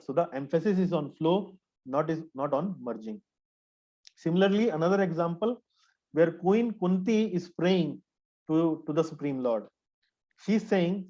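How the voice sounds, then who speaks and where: A man teaching a scripture class in an earnest, repetitive way, pausing often with hesitant fillers. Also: a little high, animated, warm tone. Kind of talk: explanatory spiritual lecture. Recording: dull lo-fi recording.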